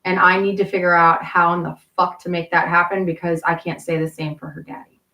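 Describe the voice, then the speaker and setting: A woman's voice: fairly low pitch, level tone, fairly quick, pushed and bright. A woman from Kentucky, telling rambling stories in a courtroom, full of profanity and self-interruptions. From Appalachian Kentucky. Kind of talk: rambling storytelling. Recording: roomy, from far off.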